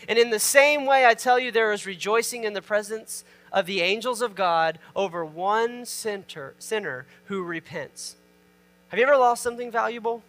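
Guy pastor with a pretty high voice, preaching casual, reads the verses then explains them, asks the crowd questions. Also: normal speed, fairly bright tone. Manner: informal, asks the listeners questions; reads scripture aloud and explains it. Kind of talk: conversational sermon.

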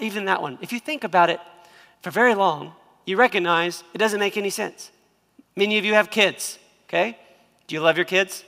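A man's voice: high-pitched, vocal fry, sharp tone, long reverb tail. A man in his thirties, a pastor preaching an emphatic sermon who has the congregation repeat lines after him.

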